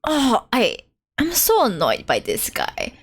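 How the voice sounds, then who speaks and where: Excitable woman streamer, lively voice. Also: on the high side, slow. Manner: animated, excitable, giggly. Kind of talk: casual let's-play chat.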